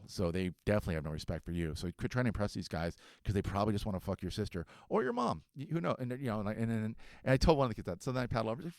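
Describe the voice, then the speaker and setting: A man's voice: on the low side, rapid-fire, hardly any pauses, darkish tone, no echo. A man in his forties hosting a podcast, telling a story in a casual, profane, self-mocking way. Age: 40s. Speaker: podcast host.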